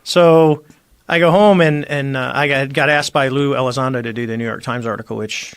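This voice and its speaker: A man's voice: medium pitch, steady tone, fairly quick, clean tone, no echo, clean studio sound. A middle-aged man, a former Navy squadron commander, telling his story as a podcast guest and acting out the voices he quotes. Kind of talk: casual storytelling interview. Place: podcast studio.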